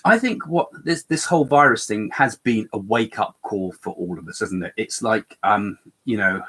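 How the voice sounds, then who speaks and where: A man's voice: on the low side, lively intonation, normal speed, pushed and bright. An older man co-hosting a live chat, talking in a rambling way with many fillers and restarts, with a slight cough. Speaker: co-host medium.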